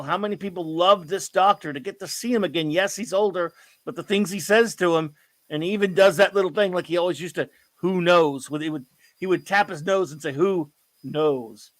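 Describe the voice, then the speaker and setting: A man's voice: high voice, no echo. Eager middle-aged man telling a story. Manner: enthusiastic, rambling storytelling. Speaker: host. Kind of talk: casual chat.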